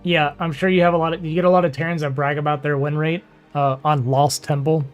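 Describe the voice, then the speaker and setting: Chatty man with a slightly high voice. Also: little pitch movement, fast, highs cut off, faint music behind. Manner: chatty, laughs often, trails off with fillers. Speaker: streamer and game player. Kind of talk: casual chat.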